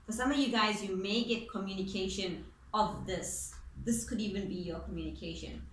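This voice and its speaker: A woman's voice: medium pitch, moderate pace, fairly bright tone, a little hiss or hum. A woman giving a casual spoken tarot reading as its reader, chatty and informal, with the odd swear word. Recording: echoey room with faint ambience.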